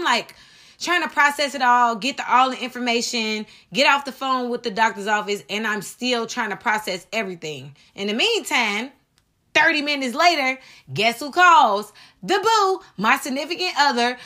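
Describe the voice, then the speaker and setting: A woman hosting a podcast, telling a personal story in an animated, dramatic way and speaking straight to her listeners. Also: fairly high pitch, moderate pace. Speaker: podcast host.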